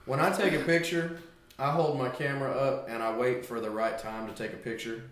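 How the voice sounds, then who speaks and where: Profane, animated storyteller in an echoey room. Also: male voice, mid-range voice, brisk, slight background noise. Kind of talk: casual chat.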